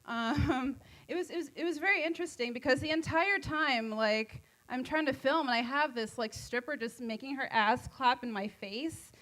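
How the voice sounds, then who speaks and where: Speaking at normal speed with few pauses and a slightly bright tone, a woman rambles and giggles through an open-mic stand-up set at a comedy club. She's high on edibles and making jokes at her own expense.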